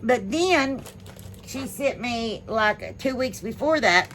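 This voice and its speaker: A slightly high, animated woman's voice, slow and fairly bright, comes with a little hiss or hum. The host of a home DIY channel, she chats casually to viewers while unboxing gifts, gushing in an Ohio accent full of fillers.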